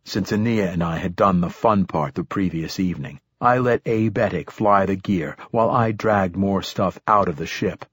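A male audiobook narrator telling a story in the first person, measured and reflective. His voice is deep and slightly husky. He is recorded close and dry, with no room sound. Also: a bit bright, no room sound.

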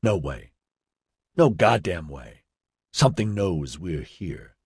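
A man voicing a shaken male crewman who speaks low, tense and emphatic. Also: big pitch swings, slow, slightly rough, dry recording, clean studio sound, full character voice.

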